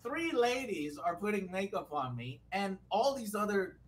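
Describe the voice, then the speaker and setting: A man's voice: sits high, moderate pace, a crowd in the background. A man from Texas, a guest on a casual livestream, telling stories with energy and acting out what people said. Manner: animated storyteller who acts out quotes.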